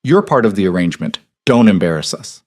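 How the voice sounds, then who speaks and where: A man's voice: deep voice, very animated, a little fast. A man reading a stern, disapproving aristocratic mother who speaks sharply under her breath in an audiobook. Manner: sharp, hushed and commanding.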